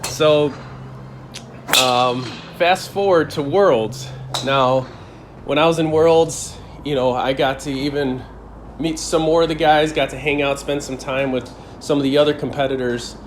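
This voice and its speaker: A young man from the Buffalo area telling a story to camera in a casual, animated way. He laughs often and acts out the lines of others. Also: a little high, unhurried, slight background noise. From Buffalo, New York area. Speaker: channel host telling a story.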